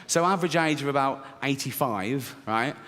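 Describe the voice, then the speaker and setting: On a large theatre stage, a British comedian does a stand-up routine in a medium-pitched, fairly bright voice at normal speed. He's brash and blunt, a bit breathless, and laughs at his own jokes, recorded through a stage mic with hall reverb.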